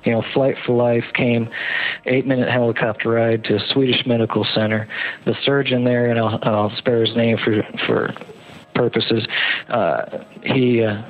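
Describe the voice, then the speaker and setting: Male guest on a tinny phone line, mid-pitched, halting, repeats himself while he tells a personal story. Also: level tone. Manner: halting, repeats words, acts out shouted quotes. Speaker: guest telling his survival story. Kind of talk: emotional first-person storytelling. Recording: narrow phone-line sound.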